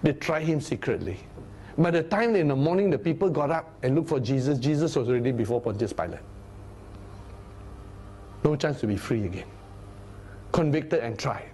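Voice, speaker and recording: A man teaching a Bible study sermon, animated, sometimes dropping into low, grave tones. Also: normal speed, pauses often, slight background noise. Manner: animated, acts out crowd voices in a raised voice; drops to low, grave tones for solemn points.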